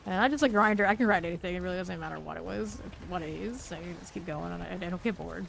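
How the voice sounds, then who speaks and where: A woman's voice: on the low side, quick pace, gravelly, a bit bright, slight background noise. A woman from Florida with a light Southern accent, chatting casually with her chat while she plays a game on stream. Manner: chatty, laid-back, answers chat while playing.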